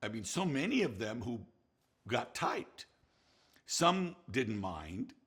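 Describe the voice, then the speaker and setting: An older man, a film director, telling anecdotes in an animated, laughing way with many restarts. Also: medium pitch, slow pace, breathy edge. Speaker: film director recalling a colleague. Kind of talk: anecdotal storytelling.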